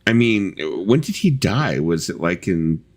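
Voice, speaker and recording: A man's voice: deep voice, big pitch swings, a little slow. A middle-aged man co-hosting a casual live stream chat, telling rambling stories and acting out what others say. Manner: rambling storytelling, acts out quoted voices.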